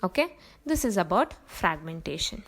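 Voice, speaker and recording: A woman's voice: fairly low pitch, big pitch swings, normal speed, a little hiss or hum, rough recording. A young woman teacher giving a biology lecture, explaining terms step by step with frequent fillers.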